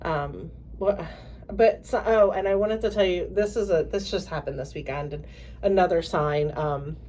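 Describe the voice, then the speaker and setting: Woman host, a bit low-pitched, animated storyteller who breaks into quoted voices, casual podcast chat. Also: a little hiss or hum. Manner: halting, many fillers and restarts.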